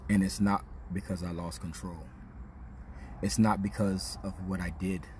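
A man with a low voice tells a candid personal story as a podcast host. His talk is casual and full of slang, turning reflective and confessional. A faint hiss sits under the voice. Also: level tone, unhurried, a little mellow.

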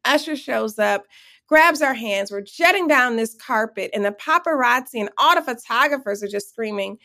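A middle-aged woman telling a lively personal story as an interview guest, acting out the voices she quotes. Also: a little high, normal speed, vocal fry. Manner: animated, acts out quoted voices.

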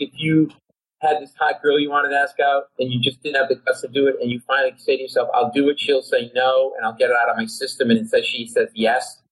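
A middle-aged comedian telling a comic anecdote on a talk show, animated, acting out voices and his own panic. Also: mid-range voice, slightly rough, low-quality recording. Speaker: comedian guest.

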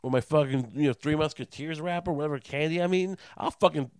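A man's voice: a little high, fast, smooth, no echo. A man on a profane comedic rant, full of stammered restarts and mocking voices he puts on for others.

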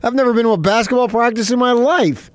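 A man's voice: very high voice, fast, no room sound. A man co-hosting a sports radio show in a studio, needling and bantering with the host. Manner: playful, needling, animated.

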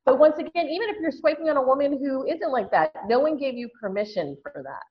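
A woman's voice: high voice, lively intonation, fast, dull audio. A woman guest in a casual podcast chat about dating, talking frankly and laughing often. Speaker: dating venture founder, guest.

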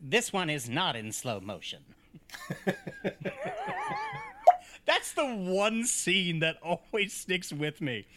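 A male podcast guest with a bright, cutting voice that leaps around in pitch. He riffs with wry asides about a movie. His delivery is playful and very animated. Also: slow, pauses often. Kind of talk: casual movie chat.

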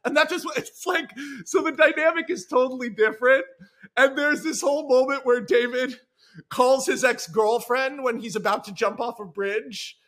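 A man on a podcast as a guest screenwriter, chatting casually in an excited, rambling way. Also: extremely high pitch, normal speed. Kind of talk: casual chat.

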